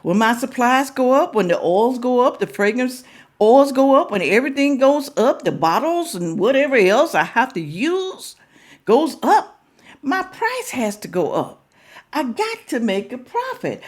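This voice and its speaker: A woman's voice: sits high, big pitch swings, unhurried. An older woman talking casually to her viewers, emphatic and full of rhetorical questions. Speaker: reaction vlogger.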